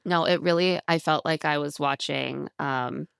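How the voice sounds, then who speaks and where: A woman's voice: low voice, measured pace, vocal fry, clean tone, no echo, clean studio sound. A woman co-hosting a podcast, chatting casually and animatedly as she recaps a reality show, often acting out what people said. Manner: chatty, animated retelling with quoted voices and laughs. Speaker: podcast co-host.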